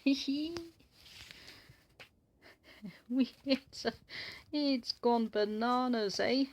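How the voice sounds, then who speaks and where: A woman's voice: on the high side, steady tone, slow. A woman casually filming her cat at home, talking in a playful, singsong way, chuckling and tacking questions onto her remarks. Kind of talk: casual home video commentary.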